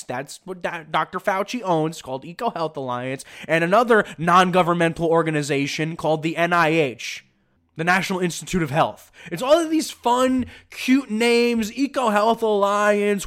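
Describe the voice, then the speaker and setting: A man's voice: high voice, a bit bright. A man hosting a podcast, delivering emphatic, sarcastic opinion commentary. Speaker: podcast host.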